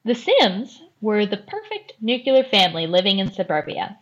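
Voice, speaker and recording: A woman hosting a podcast and telling a true crime story in a careful, measured way. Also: mid-range voice, sing-song, dull audio, slight background noise. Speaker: host.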